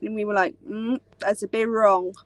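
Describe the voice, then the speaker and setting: This young British woman hosts a live stream chat, rambling casually and filling her speech with lots of ums and likes. Her mid-range voice barely moves in pitch, she talks at a normal speed, and the recording is dry.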